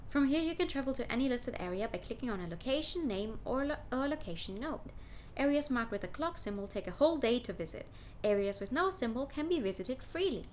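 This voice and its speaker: A woman's voice: high-pitched, a little hiss or hum. A woman casually commenting on a game and reading it aloud, with giggly asides and casual swearing. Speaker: streamer. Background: game background music.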